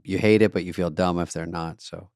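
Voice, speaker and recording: A man's voice: deep voice, steady tone, fairly quick, a little mellow, clear, resonant tone, no room sound, clean studio sound. A man co-hosting a podcast in casual chat, dropping wry, offhand remarks. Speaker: podcast co-host.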